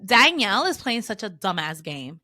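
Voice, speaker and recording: Bright-voiced chatty woman podcaster. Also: mid-range voice, moderate pace, dry recording, studio quality. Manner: chatty, excitable, acts out reality-show moments. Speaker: podcast co-host. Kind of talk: casual chat.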